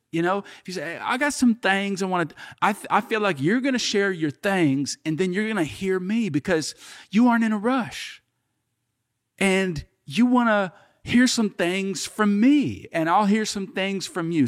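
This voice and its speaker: A podcast host from Oklahoma with a light drawl, chatting in an upbeat, rambling way. His voice sits a little high. It is recorded dry and close in a studio. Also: no room sound. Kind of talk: casual podcast chat.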